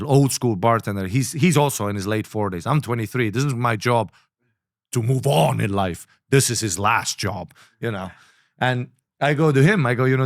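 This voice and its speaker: A man's voice: medium pitch, no echo, studio quality. A man hosting a casual chat, telling long, crude, rambling stories. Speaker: podcast host.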